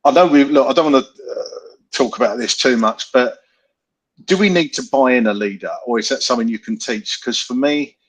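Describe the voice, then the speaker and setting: A man's voice: medium pitch, fairly quick, breathy edge, rough recording. A man hosting a football podcast, running through the match minute by minute in casual chat. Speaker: podcast host.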